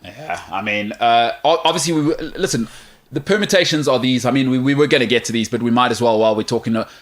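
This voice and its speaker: A sports talk show host joking around in a put-on Irish accent, rambling and playful. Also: male voice, medium pitch, fast talker. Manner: rambling, playful, self-interrupting. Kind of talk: casual sports banter.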